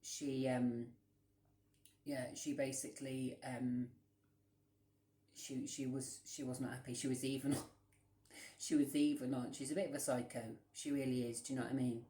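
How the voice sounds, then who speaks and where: A man's voice: mid-range voice, flat delivery, normal speed, long pauses, warm tone. A man telling a rambling storytime vlog in a blunt, profane way. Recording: roomy echo.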